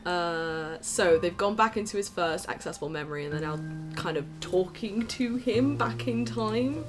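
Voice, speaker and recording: A woman's voice: on the low side, expressive, normal speed, music in the background. A woman on a charity game stream, casually explaining the story with laughs and restarts. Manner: giggly, explains the plot with restarts. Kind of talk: casual let's-play chat.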